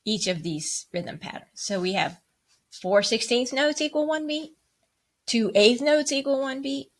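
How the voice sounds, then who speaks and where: A woman's voice: fairly high pitch, animated, unhurried. A woman teaching a music lesson to children, upbeat and encouraging as she counts rhythms aloud.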